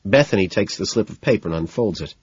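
A man narrating a novel in first person, with a measured, low-key delivery. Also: expressive, breathy edge, dull audio. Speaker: audiobook narrator.

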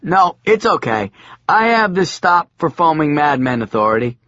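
A man's voice: a little high, very animated, normal speed, sharp tone, no echo, lo-fi sound, voice pushed up. A man voicing a blunt, sarcastic fisherman disciple in an audiobook. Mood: wary. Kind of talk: audiobook character voice.

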